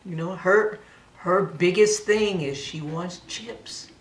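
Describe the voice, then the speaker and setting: A woman's voice: on the low side, takes it slowly, far from the mic. Woman chiming in from across an echoey room. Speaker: parenting talk co-host. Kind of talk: casual advice chat. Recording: echoey room, away from mic.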